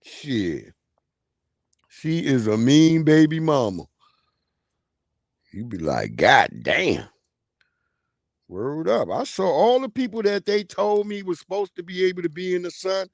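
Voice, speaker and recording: A man rants and tells stories on a livestream in an animated, profane, comedic way. His voice sits high for a man and swings widely in pitch. The sound is dry and close. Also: measured pace, pauses often, no echo. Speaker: livestream host. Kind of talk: casual comedic rant.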